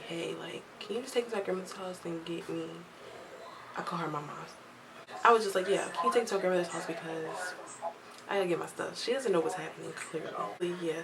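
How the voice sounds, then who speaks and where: A young woman telling a casual storytime vlog at home, lively and chatty, acting out what others said. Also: on the low side, noisy background. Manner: chatty, animated quoting of others, laughs often. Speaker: vlogger.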